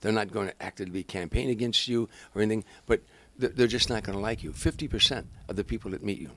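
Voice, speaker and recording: An older man, a stand-up comedian, telling animated anecdotes as a guest in an interview. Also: lowish voice, fast, dry recording. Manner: animated storyteller, acts out quoted voices.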